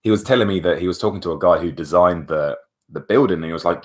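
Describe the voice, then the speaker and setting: A young man, chatting to camera as a vlogger, retelling events in a chatty, animated way full of asides. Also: low voice, quick pace. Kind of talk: casual storytelling to camera.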